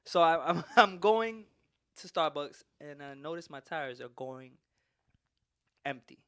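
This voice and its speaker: Animated, profane man telling a story. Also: on the high side, a little slow, smooth, no echo, studio quality. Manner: animated, profane, laughs through his story. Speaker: podcast host. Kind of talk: casual storytelling chat.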